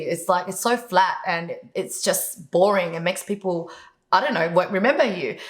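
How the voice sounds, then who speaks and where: A woman's voice: mid-range voice, moderate pace, a bit bright. A woman guest in an interview, talking about networking with enthusiasm, telling stories and laughing often. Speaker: guest sharing networking advice. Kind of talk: casual interview chat.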